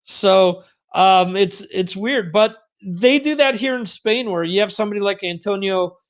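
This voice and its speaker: A man's voice: high-pitched, normal speed. A middle-aged man hosting a podcast in a rambling, self-mocking casual chat. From United States. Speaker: podcast host.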